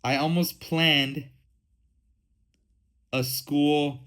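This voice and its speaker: A man's voice: fairly high pitch, steady tone, drawn-out words, a bit bright, poor audio. Rambling young man podcasting. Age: 20s. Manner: rambling, heavy use of "like" and "um". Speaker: podcast host. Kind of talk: casual solo podcast chat.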